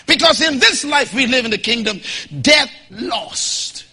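A man from the Bahamas, preaching a sermon in an emphatic, folksy and humorous way that builds to shouting as he urges the congregation to respond. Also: very high-pitched, animated, fairly quick, hardly any pauses, slight background noise.

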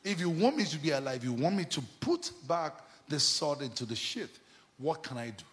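A man preaching a sermon with fervor, swinging between sudden shouts and hushed asides. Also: on the high side, big pitch swings, normal speed, in a large hall. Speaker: pastor. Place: church.

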